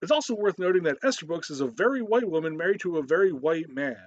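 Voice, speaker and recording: A man's voice: on the high side, lively intonation, fast talker, dull audio. A man giving a profane, ranting reaction commentary, swearing heavily and cutting in with laughs.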